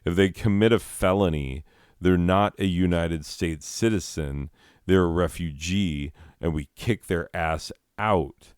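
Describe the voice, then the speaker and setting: A man with a low, smooth voice tells a loose, meandering story in unhurried podcast chat. He swears freely and chuckles between thoughts. The sound is close and dry. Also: a little mellow, no echo. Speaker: comedy podcast host. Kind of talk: rambling casual storytelling.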